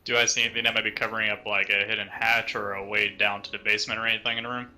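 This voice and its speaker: A man at a tabletop game, rushing through his question. He talks fast, and his low voice comes across very bright and forceful. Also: level tone, faint music behind, poor audio. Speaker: player. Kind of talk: casual game talk.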